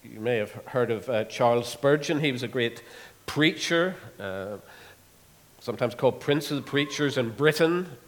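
Male preacher, earnest sermon delivery with frequent pauses, reverberant hall. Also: mid-range voice, animated. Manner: earnest, with many pauses and fillers. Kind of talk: expository sermon.

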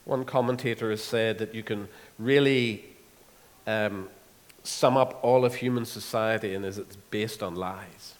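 A man's voice: lowish voice, steady tone. Earnest man preaching in a reverberant hall. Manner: earnest, with many pauses and fillers. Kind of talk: expository sermon.

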